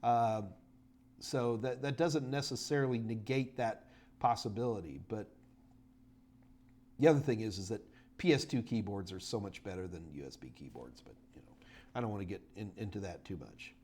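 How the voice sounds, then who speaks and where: A man's voice: lowish voice, moderate pace, long pauses, a little mellow. A middle-aged man hosting a live Q&A stream, rambling and chatty with lots of fillers and sudden bursts of enthusiasm. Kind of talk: casual live-stream Q&A chat.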